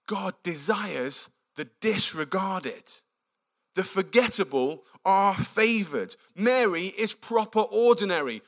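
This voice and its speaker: A man preaching a sermon, telling the story with animated, acted-out quotes. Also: sits high.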